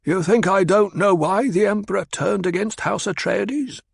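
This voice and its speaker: A man's voice: high voice, moderate pace, vocal fry, slightly rough, no echo, studio quality, voice pushed up, exaggerated voice. A man voicing a shrewd, bitter old spymaster who speaks in a clipped, coldly insistent way. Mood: cutting.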